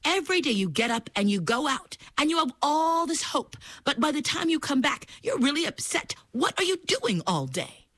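A woman's voice: high voice, big pitch swings, normal speed, hardly any pauses, a bit bright, dry recording, pitched above the performer's own voice. A woman voicing a bossy, exasperated mother crocodile. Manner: scolding, no-nonsense.

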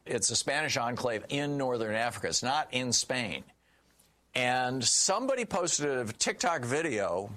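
A man's voice: medium pitch, lively intonation, moderate pace, pushed and bright. A man doing solo political commentary, reading news quotes aloud with indignant, sarcastic asides and many fillers.

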